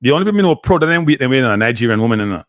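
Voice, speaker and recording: A man with a Jamaican accent hosting a casual live stream, teasing and animated, often repeating himself. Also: mid-range voice, rapid-fire, no room sound, studio quality. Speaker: show host.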